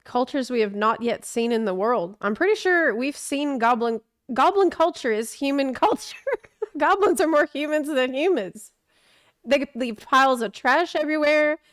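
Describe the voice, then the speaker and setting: Woman streamer, high voice, dry close mic, playful joking reaction talk. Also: lively intonation, normal speed, no room sound. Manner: joking, playful, interrupts the video often. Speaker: streamer reacting to a preview video. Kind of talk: casual reaction commentary.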